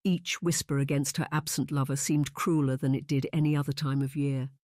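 Measured audiobook narrator, dry sound. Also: medium pitch, little pitch movement, darkish tone, dry recording. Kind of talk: scripted narration.

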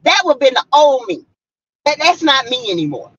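Her high voice goes sing-song and a bit bright, slightly rough, as this South Carolina woman rants fast and bluntly at viewers from inside her car, pitch swinging widely. The lo-fi sound is dull and close, with no room sound at all.

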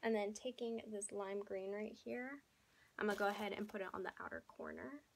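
Hoarse young woman chatting through a tutorial. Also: medium pitch, big pitch swings, fairly quick, rough recording. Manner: chatty, drifts into soft half-whispered asides. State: hoarse, losing her voice. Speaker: beauty vlogger. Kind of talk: casual makeup tutorial chat.

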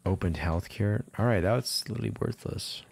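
A man's voice: on the low side, normal speed, vocal fry. A man streaming a game, chatting casually and rambling with lots of swearing and laughter. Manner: rambling, profane, laughs often. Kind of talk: casual gameplay commentary.

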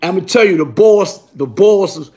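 A man telling a rough, profane story in a casual, animated way, punctuated by "you heard?". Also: high voice, unhurried. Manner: animated, repeats "you heard?", bursts into shouting.

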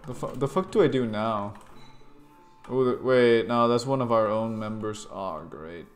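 A man's voice: on the low side, unhurried, faint music behind. Stammering, swearing young male gamer. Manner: stammering restarts, swearing, grumbling. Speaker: streamer. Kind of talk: casual gaming commentary.

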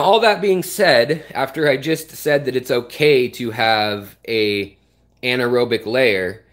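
A man of middling pitch hosts a casual aquarium tutorial. He rambles, restarts sentences and fills gaps with "um", pointing at the tank beside him indoors as he explains. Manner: loose and rambling, with frequent fillers and restarts; shows and points at parts of the tank while explaining. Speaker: aquarium channel host.

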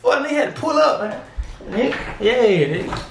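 A man hosting a music reaction video, talking in an animated, slangy way and calling the artist bro and big homie. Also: very high-pitched, normal speed, gravelly, echoey room. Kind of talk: casual reaction commentary.

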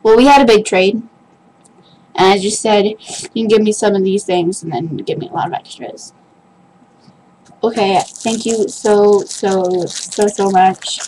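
A woman's voice: medium pitch, fairly even intonation, measured pace, pauses often, warm tone, a little hiss or hum, rough recording. A young woman opening a package on her vlog, gushing, gasping and squealing with delight. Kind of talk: excited unboxing vlog.

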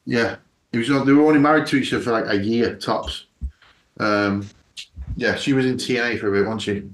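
A man co-hosting a podcast, chatting casually with a relaxed, laid-back delivery, laughing often and trailing off into fillers. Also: medium pitch, brisk, roomy sound. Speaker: podcast co-host. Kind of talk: casual chat.

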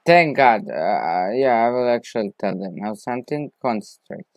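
A gaming video creator narrates the football management game he's playing, drawling slowly before bursting into excited shouts of player names whenever a big chance comes. His medium-pitched voice is dry and close to the mic, with no room sound.

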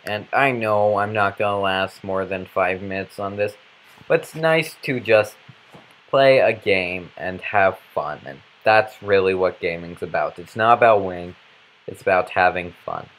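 A man's voice: fairly low pitch, a bit bright. A man giving goofy, rambling commentary while playing a video game, breaking into random outbursts. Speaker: let's play commentator.

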